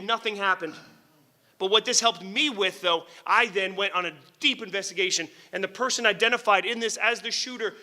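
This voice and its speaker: Bright, high-voiced candid lawyer storyteller. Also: male voice. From New Jersey. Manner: animated, candid, swears casually, chuckles at his own remarks. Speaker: lawyer and author giving a book talk. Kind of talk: public lecture storytelling.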